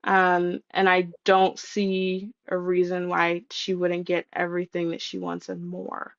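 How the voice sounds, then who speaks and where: A woman co-hosting a casual chat, speaking earnestly with halting pauses. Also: fairly low pitch, monotone, no echo, dull audio. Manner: earnest, halting, with many ums and restarts. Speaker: podcast co-host.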